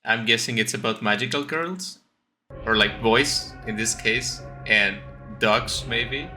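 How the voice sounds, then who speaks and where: A man's voice: mid-range voice, slow pace, pushed and bright, faint music behind. A man streaming an indie game, chatting casually and thinking aloud as he starts playing. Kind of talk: casual gameplay commentary.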